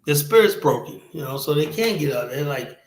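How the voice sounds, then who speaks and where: A man hosting a stream, talking bluntly and profanely and rambling, with a steady stream of "you know". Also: a little high, a little fast. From United States. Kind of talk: casual stream talk. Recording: roomy echoey sound.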